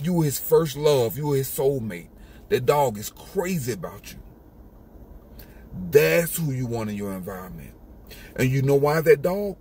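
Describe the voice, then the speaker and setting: A man's voice: mid-range voice, a little mellow, a little hiss or hum. A man giving an emphatic, repetitive motivational monologue in a casual street style. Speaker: motivational speaker.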